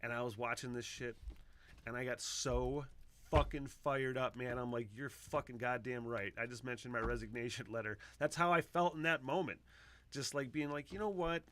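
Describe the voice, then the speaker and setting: A man hosting a casual solo podcast, talking in a rambling, profane way that swings from loud excitement to low mutters into a close microphone. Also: normal speed, a little hiss or hum. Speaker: podcast host.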